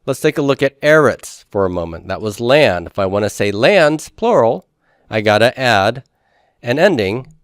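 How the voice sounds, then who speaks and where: Male teacher, lecture, crisp smooth voice, dry close sound, asks and answers own questions. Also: medium pitch, very animated, moderate pace, no room sound. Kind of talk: classroom lecture.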